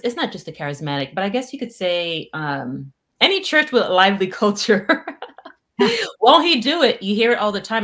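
A woman hosting a livestream devotional, animated, greeting viewers by name and laughing often, a Haitian Creole speaker. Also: lowish voice. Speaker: prayer livestream host.

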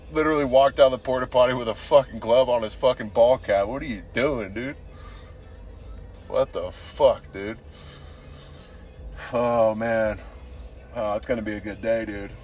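A man's voice: medium pitch, darkish tone. Crude rambling guy, constant cursing. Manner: rambling, crude, swears a lot, says dude constantly. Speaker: podcast host. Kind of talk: casual profane storytelling.

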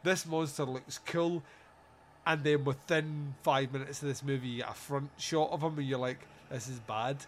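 A man's voice: on the high side, fairly even intonation, moderate pace, a little hiss or hum. A man hosting a podcast, giving a sweary, jokey movie review and laughing at his own lines. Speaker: podcast host. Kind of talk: casual comedic movie review.

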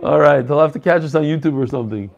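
Man, high-pitched, casual host, joking, greeting members by name, video call audio. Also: fast talker, creaky, lo-fi sound, soft background music. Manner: jokey, chatty, greets people warmly by name. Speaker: host of an online Torah learning group. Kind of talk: casual chat with group members.

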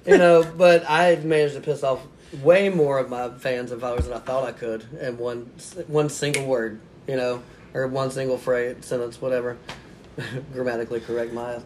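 A man's voice: medium pitch, steady tone, normal speed, darkish tone, a little hiss or hum. A man talking as a podcast guest, telling a story in a casual, self-mocking way and laughing often.

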